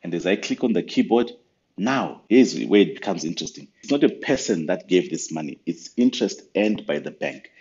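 Deep-voiced guy explaining software step by step, kinda dull lo-fi sound. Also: expressive, fairly quick. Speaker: software trainer. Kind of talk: screen-recorded software tutorial.

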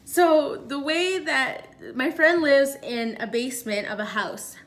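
A young woman tells a story straight to camera with a bright, forceful tone. Her voice sits a little high, and she rushes through the tense parts, piling on fillers. It is a casual, animated storytime delivery. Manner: animated, breathless retelling with many fillers. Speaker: vlogger.

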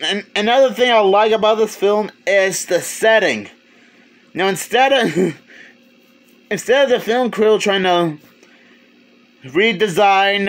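High-voiced man rambling through a review. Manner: rambling, halting, many restarts, chuckles. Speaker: movie reviewer. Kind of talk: casual video review.

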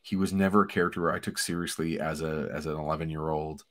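A man in his forties co-hosting a casual comic book discussion, relaxed, chatty and enthusiastic. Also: extremely low pitch, fast talker. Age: 40s. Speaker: podcast co-host.

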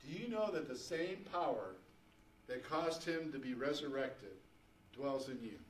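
In a church sanctuary, a pastor with a medium-pitched, lively voice preaches unhurriedly to his congregation, folksy and conversational before rising to fervent emphasis. The room is echoey and the mic sits at a distance.

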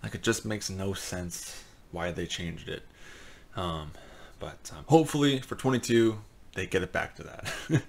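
A man hosting a gaming channel, talking casually and ranting in frustration, swearing often and filling pauses with "um" and "like.". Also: lowish voice, vocal fry, fairly bright tone. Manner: frustrated, profane ranting with fillers. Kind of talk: casual commentary.

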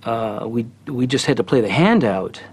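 A man speaking in a measured, thoughtful way in a documentary interview. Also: medium pitch, expressive, darkish tone, breathy edge.

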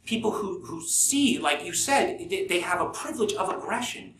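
A podcast host gives a live talk in a conference room at a forum, sounding earnest and thinking aloud with restarts. His voice is high, animated and fairly bright, at a moderate pace. The room is echoey, the mic distant, and there's a faint hiss.

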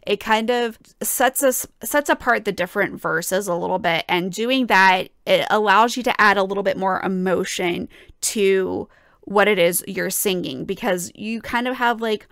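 A woman's voice: mid-range voice, normal speed, creaky, a bit bright, no echo, clean studio sound. A woman musician casually and enthusiastically analyzing a song as she reacts to it. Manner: enthusiastic, explanatory.

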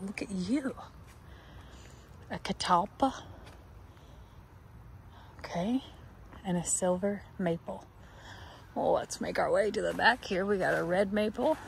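A woman's voice: mid-range voice, gravelly, a little hiss or hum. A woman chatting casually while browsing an outdoor garden center and talking to plants. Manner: chatty, talks to plants and a dog. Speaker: vlogger. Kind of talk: casual walking vlog.

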